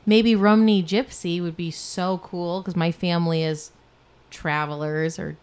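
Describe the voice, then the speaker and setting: A woman's voice: fairly low pitch, fairly even intonation, unhurried, darkish tone, clear, resonant tone. A woman co-hosting a casual chat, talking with chatty enthusiasm. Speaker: podcast co-host.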